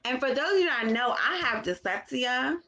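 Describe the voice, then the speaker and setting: A mother talking casually to her viewers, halting often with restarts as she slows down to find her words. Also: high-pitched, animated, pushed and bright. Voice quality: slow, deliberate delivery. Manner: halting, with restarts and long pauses. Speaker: parent vlogger. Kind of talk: casual talk to camera.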